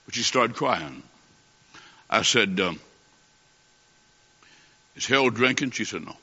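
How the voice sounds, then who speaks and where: A man's voice: fairly low pitch, lively intonation, takes it slowly, bright, forceful tone, breathy edge. A man preaching a sermon, telling stories with emphasis and acting out quoted lines. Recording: muffled recording in a large hall.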